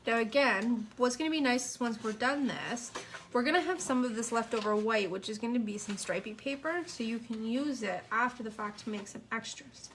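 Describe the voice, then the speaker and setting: A woman's voice: fairly high pitch, normal speed, fairly bright tone, slight background noise. A woman teaching a live card-making lesson, chatting with viewers as she works. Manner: chatty, talks to viewers while working. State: sniffling, hiccups. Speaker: papercraft instructor.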